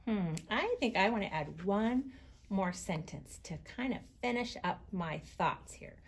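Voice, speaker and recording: A woman teaching young children to write, sounding out each word slowly and gently. Her voice has a gravelly, husky edge, and her pace is unhurried. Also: medium pitch, expressive. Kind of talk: read-aloud writing lesson for young children.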